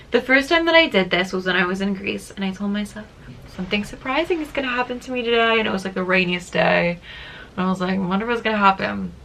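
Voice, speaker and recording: A woman's voice: mid-range voice, bright, forceful tone. A young woman talking casually in a vlog, chatty and filling her sentences with "like," sometimes laughing as she talks. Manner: chatty, many "like" fillers, laughs while talking. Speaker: vlogger.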